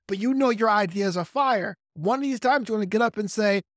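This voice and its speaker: A man from New York with a softened Brooklyn accent, a comedian guest on a podcast, talking fast in an animated, practiced radio-style way. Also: high voice, no room sound, studio quality. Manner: self-described fast talker. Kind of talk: podcast interview.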